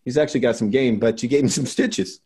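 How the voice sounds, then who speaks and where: A man co-hosts a casual football podcast and chimes in with wisecracks. His voice is husky and a little breathy, at a middle pitch. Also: fast, warm tone. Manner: joking, laughing interjections. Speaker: podcast host. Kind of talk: casual chat.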